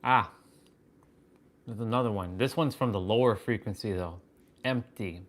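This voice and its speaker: A man hosting a livestream, musing aloud in halting, wondering phrases with bursts of excited swearing. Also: fairly low pitch. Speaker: fitness and wisdom livestream host. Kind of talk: live stream musing.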